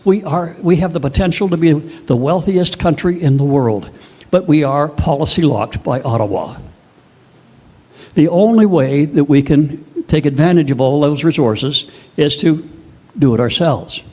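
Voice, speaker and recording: A man's voice: a little high, a little slow, dark tone. An older man with a Canadian accent giving an impassioned political speech, emphatic and full of rhetorical questions. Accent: Canadian English. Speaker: speaker at a political event.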